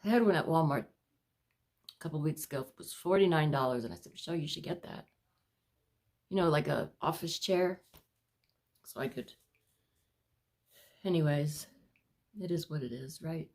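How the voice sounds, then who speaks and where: A woman talks to her viewers in a low-pitched voice, pausing as she runs short of breath. Her chat rambles and she apologizes often, in an easy home-video way. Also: a little mellow. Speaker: vlogger showing her paintings. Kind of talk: casual chat to camera.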